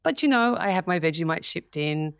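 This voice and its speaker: Australian lady in her 40s, chatty and laughy, kinda low voice, super dry mic. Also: fairly quick, clean tone, no echo. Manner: animated, laughs often, acts out quotes. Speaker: interview guest. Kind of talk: casual interview chat.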